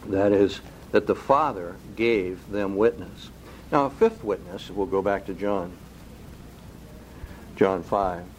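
Male preacher, lower register, deliberate rhetorical sermon style. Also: slight background noise, rough recording. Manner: asks the congregation rhetorical questions; slow, deliberate emphasis on key phrases.

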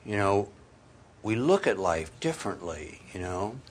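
A man preaching a sermon, telling his own conversion story in a folksy way, swinging from quiet asides to loud, emphatic peaks. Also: fairly low pitch, sing-song, unhurried, slight background noise. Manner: folksy, sprinkles in "you know" and "man". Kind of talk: sermon with personal testimony.

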